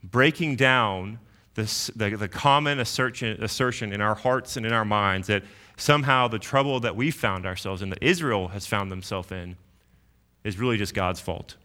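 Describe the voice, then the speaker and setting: A man's voice: lowish voice, moderate pace, bright, forceful tone. A man preaching an expository sermon in an earnest teaching tone, often repeating words as he thinks.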